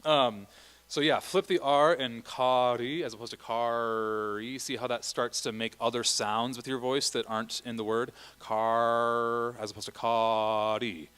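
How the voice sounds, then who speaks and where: A middle-aged man leads a church choir rehearsal in a relaxed, chatty way. His voice sits at a middle pitch, and he keeps breaking into sung vowels and short phrases to show the singers what he wants. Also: normal speed, clean tone. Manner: chatty, sings vowel and Latin examples. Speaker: choir director.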